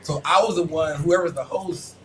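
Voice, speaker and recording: A man's voice: on the high side, moderate pace, noisy background. A man co-hosting a podcast, chatting casually and rambling about video games, with lots of fillers like "like" and "you know what I'm saying". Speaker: podcast co-host.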